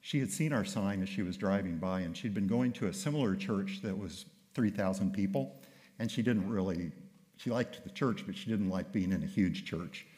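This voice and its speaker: An older male pastor tells stories from the pulpit in a relaxed, conversational way, often restarting his sentences. His voice sits very low. The sound rings with the long reverb of a large hall. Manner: conversational, anecdotal, with frequent restarts. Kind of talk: sermon storytelling.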